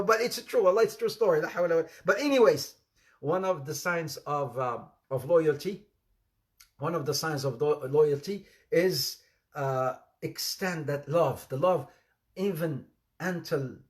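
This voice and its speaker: This male Islamic preacher has a high voice and an animated way of telling stories during an informal, anecdote-filled sermon. He switches between English and Arabic phrases, laughs at his own stories, and acts out the voices of people in them.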